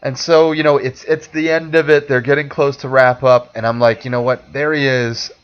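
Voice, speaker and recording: A man co-hosting a podcast, telling a rambling, animated anecdote in casual chat, acting out quotes and swearing freely. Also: medium pitch, normal speed, clean tone. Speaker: podcast co-host. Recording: dull lo-fi audio.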